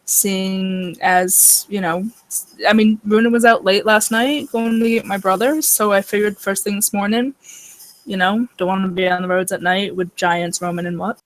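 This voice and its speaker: A woman's voice: mid-range voice, steady tone, normal speed, no room sound, rough recording. A woman playing her character in a tabletop game, speaking hesitantly and sounding worried. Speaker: player.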